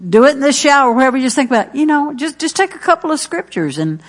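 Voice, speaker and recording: Middle-aged woman preacher, earnest, emphatic, repeats key lines, voice sits a bit high. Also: big pitch swings, fast. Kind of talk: sermon.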